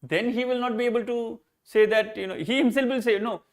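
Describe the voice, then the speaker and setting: A man's voice: extremely high pitch, a little fast. A man with an Indian English accent teaching philosophy in an exam-prep lecture, posing rhetorical questions and answering them himself. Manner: repeats and rephrases key points, slips into Hindi.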